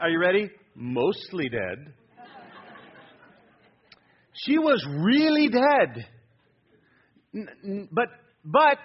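Husky-voiced man preaching emphatically. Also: a little high, highs cut off. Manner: animated, emphatic preaching that prompts the congregation. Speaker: pastor. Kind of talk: sermon.

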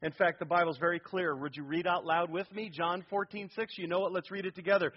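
A man's voice: high voice, fairly even intonation, fast, highs cut off. A male pastor preaching a sermon to a congregation in a church, emphatic and prompting them to fill in words.

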